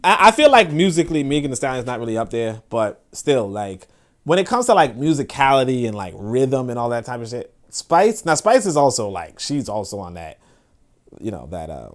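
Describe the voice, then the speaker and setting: A man's voice: mid-range voice, sing-song, moderate pace. A man hosting a casual livestream, chatting loosely and full of slang, fillers and laughs. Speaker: host.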